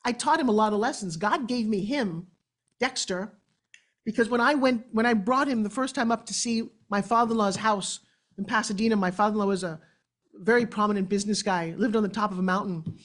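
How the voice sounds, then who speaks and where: Animated New York woman giving a keynote. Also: medium pitch, a little fast. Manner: dramatic, animated storytelling with acted-out quotes. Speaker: motivational speaker. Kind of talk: motivational keynote speech. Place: event stage before an audience.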